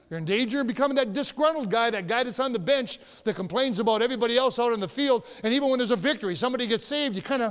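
A man's voice: very high-pitched, animated, very fast, clean tone. A man preaching a sermon in a church, telling stories and growing emphatic. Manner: storytelling, emphatic, rising to shouts. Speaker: pastor. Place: church sanctuary. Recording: long reverb of a church hall.

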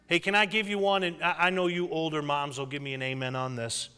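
Male pastor in his 30s preaching, bit high voice, lots of amens, church reverb. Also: steady tone, a little fast, pushed and bright, clean tone. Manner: call-and-response preaching with frequent amens. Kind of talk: sermon. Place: church sanctuary. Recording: echoey hall reverb.

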